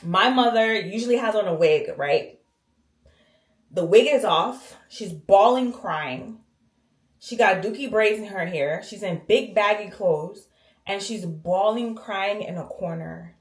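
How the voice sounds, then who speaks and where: A woman telling a personal story casually to camera while cleaning her bathroom, animated and slangy, acting out the voices of the people in it. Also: mid-range voice, a little slow. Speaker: vlogger. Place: home bathroom. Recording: echoey bathroom.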